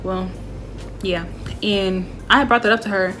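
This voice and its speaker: A woman's voice: medium pitch, steady tone, measured pace, pushed and bright, slight background noise. A young woman chatting casually as she reviews a favorite movie, talking animatedly and acting out bits of dialogue.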